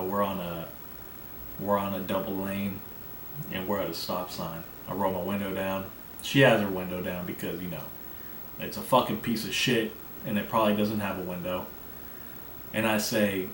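A man hosting his own podcast alone, talking in a rambling, profane, brash way. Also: low voice. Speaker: podcast host. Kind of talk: casual solo podcast monologue. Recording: echoey room, mic at a distance, faint background noise.

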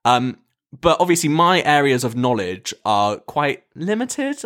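A young English man in his twenties telling a casual story to camera, animated, laughing often and swearing freely. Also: a little high, unhurried. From England. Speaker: vlogger.

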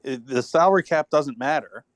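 A man's voice: medium pitch, normal speed, no room sound, studio quality. Tired man rambling about football. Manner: rambling, thinks aloud with restarts. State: recovering from illness, tired. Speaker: podcast co-host. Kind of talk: casual sports chat.

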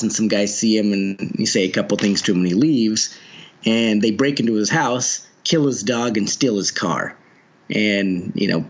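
A man's voice: lowish voice, highs cut off. A man co-hosting a podcast, chatting casually, rambling with lots of fillers and laughs. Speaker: podcast co-host. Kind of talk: casual chat.

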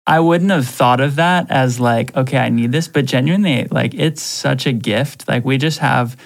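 A man's voice: medium pitch, moderate pace, gravelly. A man talking as a podcast guest in an easygoing, thoughtful way. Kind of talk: casual chat.

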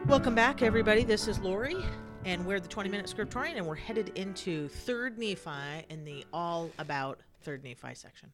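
A woman's voice: medium pitch, lively intonation, a little fast, over loud music. Woman, podcast host, sleepy voice, chatty, repeats words, close mic. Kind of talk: casual scripture study podcast.

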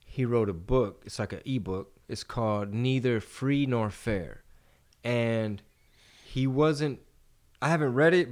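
A man hosting a podcast in casual chat, rambling and cursing freely as he tells stories. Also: lowish voice. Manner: rambling, profane, animated storytelling. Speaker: podcast host.

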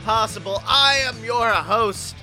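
A man hosting a podcast in casual, jokey chat, hoarse from being sick. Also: high voice, slow pace, over music. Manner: jokey, puts on silly voices. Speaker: podcast host.

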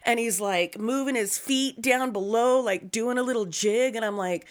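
A woman's voice: on the high side, normal speed. A woman telling a story in casual chat, swearing a lot and acting out the voices of the people in it. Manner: profane, animated storytelling; acts out quoted voices.

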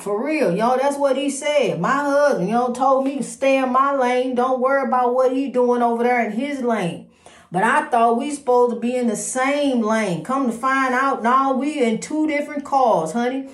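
A woman hosting an inspirational program, talking spontaneously in a preachy, repetitive way and calling the listener "honey.". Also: sits high. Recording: roomy echo.

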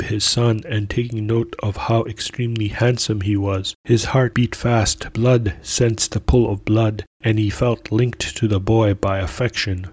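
A man narrating a classic tale aloud in a steady, measured storytelling manner. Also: on the low side, no echo. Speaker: podcast narrator.

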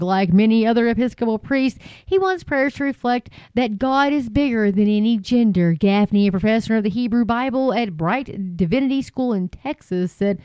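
A woman's voice: medium pitch, clean tone, no echo. A woman hosting a Christian commentary show, reading news aloud and breaking off with indignant asides. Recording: dull lo-fi sound.

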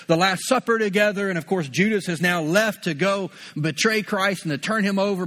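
A man's voice: sits high, a bit bright. A male pastor preaching a conversational sermon, often repeating words as he builds a point.

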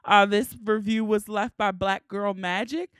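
Woman, Baltimore accent, podcast host, smooth voice, dry close mic, casual and laughing. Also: medium pitch, steady tone, unhurried, dry recording. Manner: laughing, chatty and frank.

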